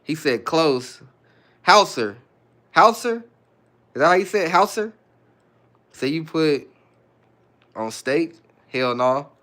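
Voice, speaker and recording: A man's voice: on the high side, measured pace, pauses often, a bit bright. A man from the Bay Area hosting a livestream, reading viewer comments aloud in a loose, slangy, muttering way. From San Francisco Bay Area. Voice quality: laid-back, slangy, mutters asides. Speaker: livestream host.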